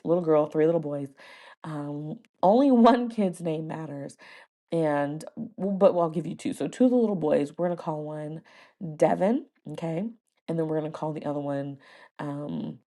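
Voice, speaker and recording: A first-grade teacher who also hosts a podcast tells a casual story in a fairly low voice. Her delivery is lively, full of laughter and playful mimicry of words.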